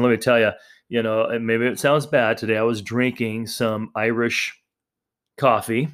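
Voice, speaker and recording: A man hosting a podcast on his own, talking in a rambling, chatty way with lots of fillers and restarts. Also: mid-range voice. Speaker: podcast host. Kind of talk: casual solo podcast talk.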